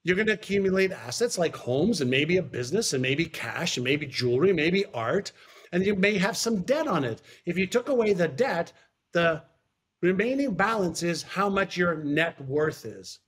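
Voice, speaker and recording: A man voicing an older male mentor, calm, slow and measured as he leans in with a question. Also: high voice. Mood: explaining.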